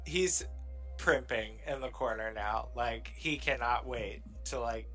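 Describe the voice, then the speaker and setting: Male tabletop player, bright tone, theatrical in-character banter, faint music behind. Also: medium pitch, slightly rough. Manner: theatrical, quick in-character retorts. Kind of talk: playing a character in a tabletop game.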